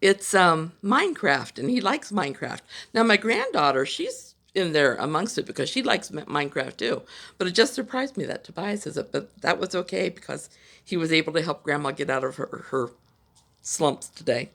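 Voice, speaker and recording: A woman's voice: deep voice, big pitch swings, moderate pace, creaky, a bit bright. An older woman from Ohio, USA, hosting a knitting podcast from home in a chatty, rambling way, full of personal asides. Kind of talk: casual chat.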